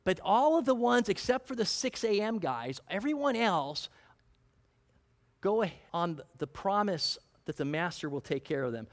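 High, lively male preacher. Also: normal speed. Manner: conversational, quizzes the congregation. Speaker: pastor. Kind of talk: sermon.

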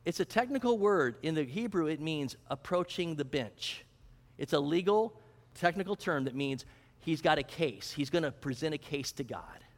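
A male pastor with a high voice delivers a sermon, putting questions to his congregation. The sound carries a long reverb, like a church hall. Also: expressive, normal speed. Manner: teaching, asks the congregation questions.

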